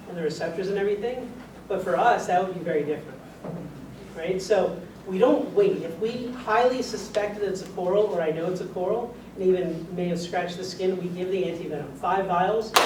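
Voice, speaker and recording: A man who is a doctor giving a conversational lecture to a live audience, asking them questions as he goes. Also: high voice. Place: lecture room. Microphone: far room mic. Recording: echoey room, distant mic, background noise.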